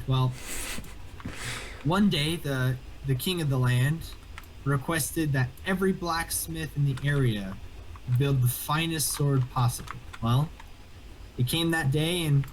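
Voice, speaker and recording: A man improvising a playful story while gaming, with deadpan punchlines. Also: medium pitch, slight background noise, low-quality recording. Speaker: gamer telling a story. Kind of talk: improvised storytelling on a game stream.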